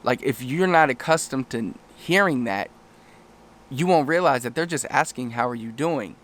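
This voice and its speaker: A man speaking with a middle-range pitch, giving travel language advice off the cuff. He talks in a loose, rambling way, restarting sentences and slipping into quick acted-out quotes. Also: lively intonation, fairly bright tone. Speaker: language coach. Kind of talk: casual talking-head lesson.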